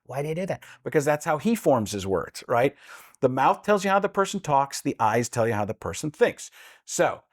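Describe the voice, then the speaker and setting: A man's voice: medium pitch, very animated, normal speed, no room sound, studio quality. A man, a comedian and impressionist, chatting animatedly as an interview guest and breaking down how he does voices. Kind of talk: casual interview chat.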